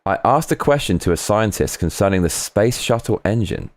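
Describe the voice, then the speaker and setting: A man hosting a livestream, reading viewer comments aloud and chatting in a rambling, animated way. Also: normal speed, no room sound. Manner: rambling and animated, swinging pitch, frequent restarts. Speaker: livestream host.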